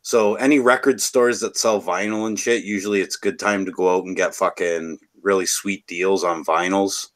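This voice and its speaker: Brief: Canadian guy, low-ish voice, loose rambling chatter with lots of cursing. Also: steady tone, normal speed, few pauses, fairly bright tone. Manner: rambling, swears freely. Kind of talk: casual chat.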